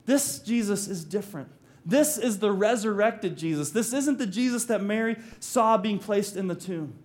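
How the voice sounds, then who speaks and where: A man's voice: high voice, animated, moderate pace. A male pastor preaching a sermon, telling the story animatedly, acting out quotes and slipping in jokes.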